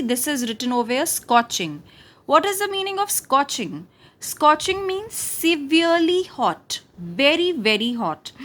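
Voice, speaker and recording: A woman reads a children's lesson aloud in a high, bouncing voice. She takes her time and dwells on each word. She asks the class questions and then answers them herself in a sing-song teacher's way. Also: fairly bright tone. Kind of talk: reading and explaining a textbook lesson to young children.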